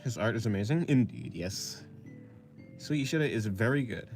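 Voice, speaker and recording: A young man streaming his drawing, chatting casually with his viewers in a rambling, hesitant way full of fillers and soft laughs. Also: fairly low pitch, animated, moderate pace, faint music behind. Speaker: art streamer. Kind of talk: casual chat answering a live chat.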